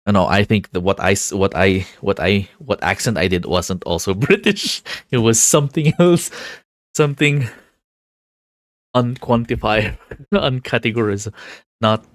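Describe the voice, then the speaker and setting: A man's voice: fairly low pitch, measured pace, dry recording, clean studio sound. A man streaming a video game, chatting casually with his viewers, laughing often and tripping over his words. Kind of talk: casual live-stream chat.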